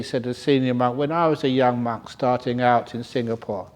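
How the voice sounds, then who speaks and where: A man's voice: mid-range voice, fairly even intonation, normal speed, hardly any pauses. Older man telling jokes in a Dharma talk. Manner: humorous storytelling, chuckles often. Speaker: meditation teacher. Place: retreat centre hall.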